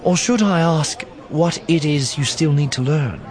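A man's voice: fairly high pitch, a little slow, a little mellow, pitched above the performer's own voice, lightly acted. A man voicing a curious, teasing young woman companion.

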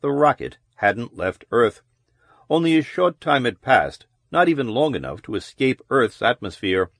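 A man's voice: mid-range voice, very animated, creaky, a bit bright, dry recording. Man narrating an audiobook, dry sound. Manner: measured, descriptive storytelling.

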